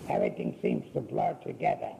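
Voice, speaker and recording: A man's voice: dark tone, highs cut off, a little hiss or hum. An older man telling his life story in a folksy, rambling way, acting out what people said. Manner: folksy, unhurried, acts out quoted speech.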